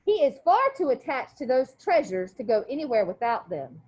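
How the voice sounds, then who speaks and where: A woman's voice: a little high, big pitch swings, darkish tone, husky. Woman putting on a prim, stern foster mother. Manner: formal, clipped, slow and haughty.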